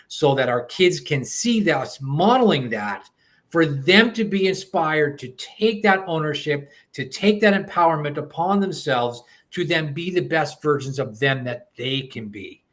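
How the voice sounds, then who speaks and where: A man co-hosting a talk show, speaking in a preachy, motivational way that often repeats itself. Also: a little high. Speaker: co-host. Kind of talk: casual chat.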